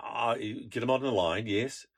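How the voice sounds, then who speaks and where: A man's voice: medium pitch, moderate pace, creaky. A man hosting a podcast in casual chat, joking and bantering playfully, from Canada. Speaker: podcast host.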